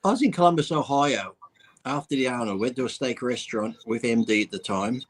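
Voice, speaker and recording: A man's voice: mid-range voice, animated, fairly quick. Swearing Australian man telling stories. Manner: swearing, storytelling, laughing. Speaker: bodybuilder, co-host. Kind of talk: casual chat.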